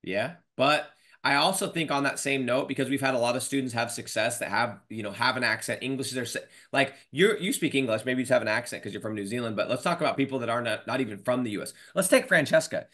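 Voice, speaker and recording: A man in his thirties hosts a podcast interview over a video call. He talks in an energetic, slangy, casual way, with a voice of ordinary middle pitch. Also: fast, few pauses. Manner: energetic, slangy, says dude and bro. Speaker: podcast host.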